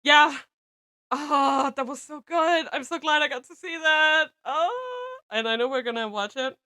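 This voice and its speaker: Giggly high-voiced woman streamer. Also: expressive, a little slow, bright, forceful tone. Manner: giggly, gushing, keeps laughing between remarks. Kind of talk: live-stream reaction commentary.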